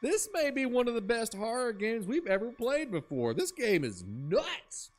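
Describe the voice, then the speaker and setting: This horror-game streamer's voice is extremely high-pitched, at normal speed, with soft music in the background. He chats casually and animatedly, spinning funny stories and doing impressions of people.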